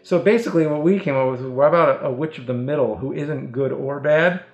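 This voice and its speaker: A man's voice: a little high, quick pace. A man co-hosting a casual chat, recalling things easily with lots of fillers. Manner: easygoing, filler-heavy recollection. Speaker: co-host. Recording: roomy, slightly dull audio.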